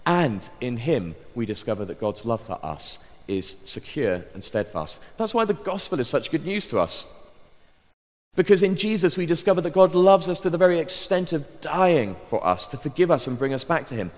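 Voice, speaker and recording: Earnest vicar in a reverberant church. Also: male voice, a little high, big pitch swings. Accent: posh southern English. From Bristol, England. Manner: earnest, measured and reflective. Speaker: vicar and pastor. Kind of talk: personal testimony sermon.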